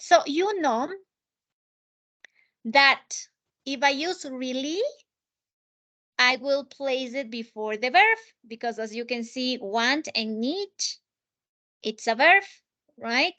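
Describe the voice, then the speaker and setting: High bright voiced woman teaching english, keeps asking students questions and repeating herself. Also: slow pace, long pauses. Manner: encouraging, asks students questions and repeats points. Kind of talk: live online English lesson.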